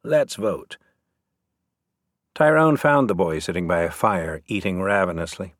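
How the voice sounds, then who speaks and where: A man reading a novel aloud as narrator, lively storytelling. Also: low-pitched, moderate pace, no echo, clean studio sound. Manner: lively storytelling, voices the characters. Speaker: audiobook narrator. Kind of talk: scripted narration.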